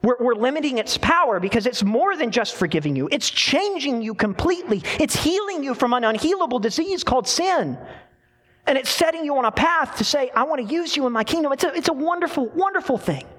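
Animated preaching man. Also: very high voice, fairly quick. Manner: animated storytelling with dramatic voiced quotes. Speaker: pastor. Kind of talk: sermon.

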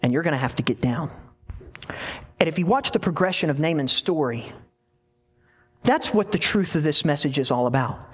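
Animated preaching man. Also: a little high, normal speed, pauses often, husky. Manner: animated storytelling with dramatic voiced quotes. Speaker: pastor. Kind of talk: sermon.

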